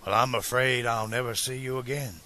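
A man's voice: mid-range voice, steady tone, normal speed, sharp tone. A man voicing an earnest, anxious middle-aged inventor who talks hesitantly and stammers, in a storybook reading.

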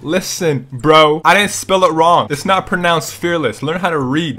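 A man's voice: fairly high pitch, normal speed, hardly any pauses, pushed and bright. A young man giving casual, joking commentary while he plays a game and talks to other players and viewers. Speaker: gaming streamer.

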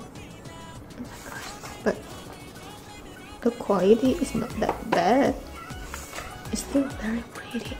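A young woman from Malaysia chatting excitedly while unboxing albums in her vlog, gasping often and dropping into breathy whispers. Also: medium pitch, low-quality recording. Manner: gushing, gasping, with frequent breathy exclamations. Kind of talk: casual excited unboxing chat.

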